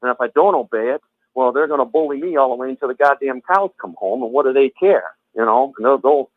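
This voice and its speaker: Talking fast in a medium-pitched voice, a man recounts his past as a Jehovah's Witness during a heated phone call. The audio is thin and phone-like, dry and close without echo, and he rambles, repeats himself and curses bluntly.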